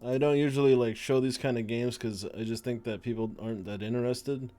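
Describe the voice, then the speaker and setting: A man's voice: medium pitch, steady tone, fairly quick, warm tone. A man streaming a game live. He chats casually, swears often and stumbles while reading the on-screen text aloud.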